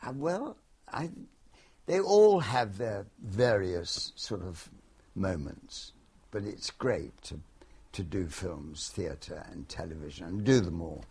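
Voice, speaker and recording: A man's voice: low-pitched, big pitch swings, takes it slowly, darkish tone, husky. A man in his eighties from London, a veteran actor answering interview questions in a wry, hesitant way with many restarts. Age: 80s.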